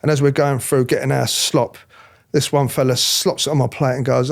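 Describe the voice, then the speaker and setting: A middle-aged man telling his story in an interview, animated, acting out other people's voices, often restarting his sentences. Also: mid-range voice, moderate pace, vocal fry. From England. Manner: animated, acts out quoted voices, frequent restarts. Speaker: interviewee, former police officer.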